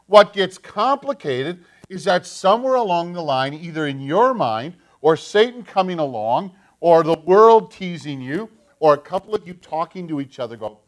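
A male pastor preaching a sermon, animated, acting out the voices he quotes. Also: on the high side, normal speed, few pauses.

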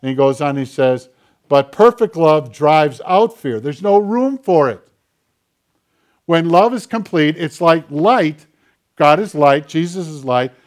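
A man's voice: a little high, animated, a little slow. Man preaching a conversational sermon. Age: older. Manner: conversational preaching, acting out quoted dialogue. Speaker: pastor.

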